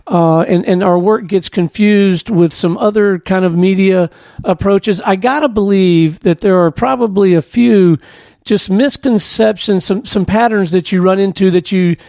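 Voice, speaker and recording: Male radio host with a high voice, asks friendly questions, dry close sound. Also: unhurried, gravelly, a little mellow, no room sound. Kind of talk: interview hosting.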